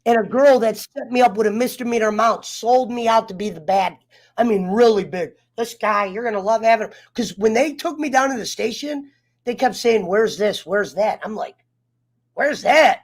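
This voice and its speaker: A man's voice: high voice, normal speed. A man telling a personal story in casual chat, heated and profane, getting fired up as he talks. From United States. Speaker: round table guest.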